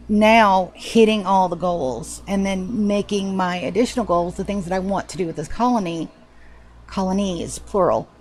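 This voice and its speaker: A woman's voice: mid-range voice, darkish tone. Chatty, profane woman streamer. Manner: chatty, profane, self-mocking. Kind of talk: casual live gameplay chat.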